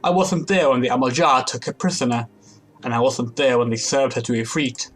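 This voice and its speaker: A man's voice: medium pitch, fairly even intonation, brisk, a bit bright, lightly acted. A man reading aloud the lines of a remorseful young male rogue in a game.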